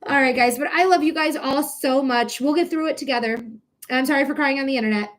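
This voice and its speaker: A woman's voice: sits high, fast. A woman reading tarot on a live stream, emotional and close to tears, gushing thanks to viewers and cursing casually. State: tearful.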